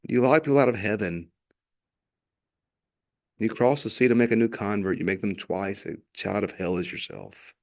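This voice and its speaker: Gravelly-voiced impassioned pastor. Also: male voice, fairly low pitch, normal speed, long pauses. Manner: earnest, impassioned, repeats phrases for emphasis. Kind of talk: devotional sermon reflection.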